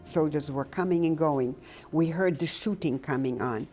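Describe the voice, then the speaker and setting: An older woman recounting her own memories in a slow, halting, reflective way with pauses. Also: low voice, music in the background. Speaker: Holocaust survivor giving testimony. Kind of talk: personal testimony, recounted memories.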